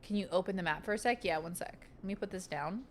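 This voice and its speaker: Streaming a video game, a woman talks fast in a mid-range voice, casually chatting, reading on-screen text aloud and cracking jokes along the way. There's slight background noise.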